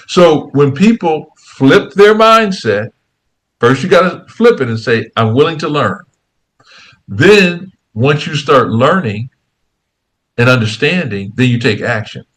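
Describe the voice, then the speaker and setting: A man being interviewed, telling a story in a casual, lively way and acting out the voices of the people in it. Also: mid-range voice. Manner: animated storyteller, acts out quoted dialogue. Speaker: guest, investing program founder.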